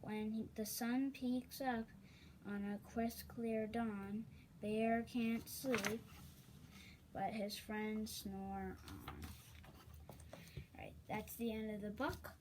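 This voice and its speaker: A woman reading a children's picture book aloud, unhurried, with chatty asides to listeners. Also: mid-range voice, fairly even intonation, background noise. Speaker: story reader.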